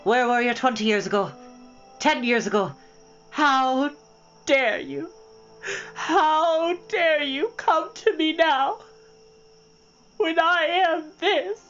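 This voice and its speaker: A storytime reader voicing a bitter, weary middle-aged woman who cries out and scolds, raising the pitch high. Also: very animated, moderate pace, a bit bright. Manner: shrill, tearful, scolding. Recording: dull lo-fi with faint music.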